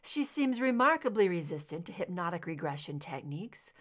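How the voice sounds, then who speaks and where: Brief: woman reader playing a soft-spoken, measured hypnotherapist, steady and calm. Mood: soothing. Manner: low, modulated, measured. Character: calm therapist leading a hypnosis session.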